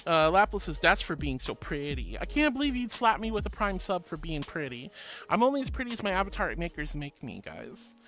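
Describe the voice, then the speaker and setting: A woman's voice: sing-song, fairly quick, a bit bright, faint music behind. A woman streamer chatting casually and reading out viewer messages. She is affectionate and bubbly, calls everyone honey and sweetheart, and gasps with delight. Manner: bubbly, with big gasps and swoops in pitch. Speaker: VTuber streamer.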